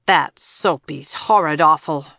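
A woman voicing a scrappy, boastful small boy who speaks rough, ungrammatical slang. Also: sits low, a little slow, pushed and bright, no echo, clean studio sound, heavily acted. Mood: blunt.

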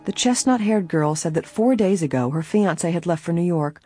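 A woman narrates a story in a measured, steady way. Her voice has a slightly husky grain and is recorded close and completely dry. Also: lowish voice, no room sound, faint music behind. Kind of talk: audiobook narration.

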